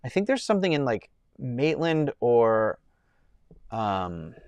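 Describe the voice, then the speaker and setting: A young man with a middle-pitched voice talks his way through a relaxed live stream, rambling from one thought to the next and answering viewers between fillers and laughs. His voice sits close and dry on the mic, with no room sound around it. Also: takes it slowly, clear, resonant tone, no echo, highs cut off. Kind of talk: casual chat reading viewer comments.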